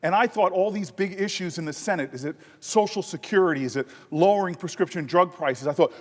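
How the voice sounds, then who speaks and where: A man giving an animated, humorous floor speech as a senator, telling anecdotes in a large legislative chamber. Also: high voice, a little fast, few pauses. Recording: long reverb of a large chamber.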